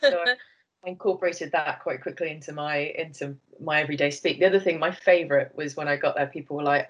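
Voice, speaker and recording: A woman's voice: deep voice, fairly even intonation, quick pace, dull audio. A woman from Buckinghamshire, England, chatting casually as a guest and telling self-deprecating anecdotes. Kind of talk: casual chat.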